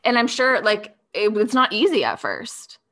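A woman's voice: mid-range voice, sing-song, moderate pace, fairly bright tone. A woman hosting a podcast who asks reflective questions and affirms her guest in a conversational way. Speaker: podcast host. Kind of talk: conversational interview.

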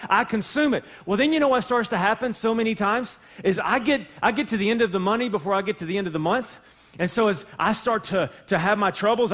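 A man delivers a sermon in a relaxed, conversational way, pitched noticeably high for a man. He jokes at his own expense and slips into little acted-out exchanges between people and God. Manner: conversational, self-deprecating humor with quick laughs; acts out voices of people and God in dialogue. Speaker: pastor.

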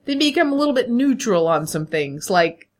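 A woman co-hosting a podcast, chatty and animated, laughing often in casual chat. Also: fairly high pitch, fairly quick. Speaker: podcast co-host.

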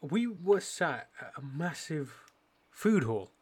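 A somewhat high-voiced man with a blunt, teasing way of talking, swearing his way through a casual podcast chat. He rambles loosely through his rants. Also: very animated, slow pace, a little mellow, husky. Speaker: podcast co-host.

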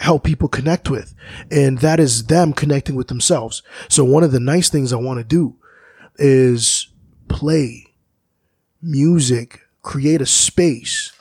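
Man, musician guest. Gravelly, husky voice, dry close sound, slow and reflective. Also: mid-range voice, a little mellow, dry recording. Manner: slow, searching, philosophical, often restarts. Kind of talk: reflective conversation.

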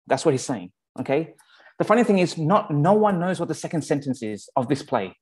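A man with an Australian accent giving a conversational sermon, often pausing to check in with his listeners. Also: on the high side, lively intonation, darkish tone, slightly rough. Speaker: pastor.

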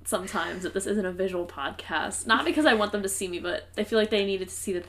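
A woman's voice: medium pitch, fast, a bit bright. Chatty woman podcast co-host. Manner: chatty, filler-heavy, trails off mid-thought. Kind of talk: casual chat, recapping a book.

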